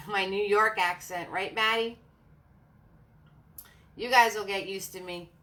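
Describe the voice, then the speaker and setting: A woman hosting a live painting class, chatting warmly with viewers, laughing often and talking through each brushstroke. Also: mid-range voice, fairly even intonation, takes it slowly. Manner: friendly, laughs often, narrates each step. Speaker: paint party host and art instructor.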